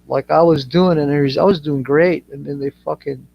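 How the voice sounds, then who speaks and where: A man's voice: fairly high pitch, a little fast, vocal fry. A man from Iraq chatting casually, telling stories crudely with lots of swearing. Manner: crude, swears freely, animated storyteller. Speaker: channel host. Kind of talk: casual chat. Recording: dull lo-fi audio.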